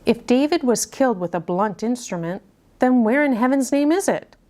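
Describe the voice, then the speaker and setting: A woman's voice: fairly high pitch, expressive, normal speed, pitched above the performer's own voice, close to an everyday voice. A woman voicing a haughty middle-aged society lady who speaks sharply, in a read-aloud mystery story. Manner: sharp, cutting.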